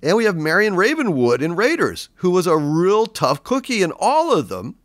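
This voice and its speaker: A man talking casually on a live stream, his pitch swinging up and down as he goes. He stumbles and repeats himself and swears freely. The sound is close and dry, with no room around him. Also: very animated, moderate pace, fairly bright tone, no echo. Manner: rambling, stammers and repeats words, swears casually. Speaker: livestream host reading viewer donations. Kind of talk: casual unscripted chat.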